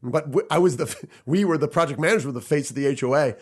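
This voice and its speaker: A man in his forties hosting a podcast, chatting and reflecting in a relaxed, talkative way. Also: on the high side, breathy edge. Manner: chatty, reflective, quick asides. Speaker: podcast host. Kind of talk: casual conversation.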